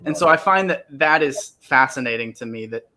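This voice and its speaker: A man's voice: medium pitch, animated, moderate pace, bright, forceful tone. An American man hosting a casual roundtable, enthusiastic and reading out viewer comments. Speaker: host.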